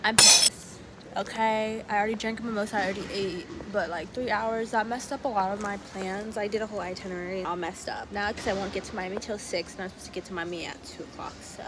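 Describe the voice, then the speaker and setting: Chatty, excitable young woman vlogging. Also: medium pitch, fast, hardly any pauses, noisy background. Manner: chatty, excitable, blunt, swears freely. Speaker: travel vlogger. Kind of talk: casual vlog talk to camera. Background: background music.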